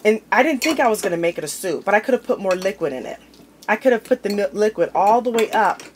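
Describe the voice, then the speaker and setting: With lively intonation and a fast, mid-range voice, a woman chats through a kitchen demonstration at home, handling jars and food as she goes. Occasional clinks of dishes and cutlery sit over a faint hiss.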